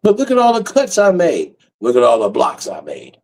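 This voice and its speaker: Male livestreamer, rough gravelly voice, lively swinging pitch, casual rambling talk full of swearing and laughs. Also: moderate pace, low-quality recording. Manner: loose, profane, rambling, laughs often. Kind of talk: casual late-night livestream chat.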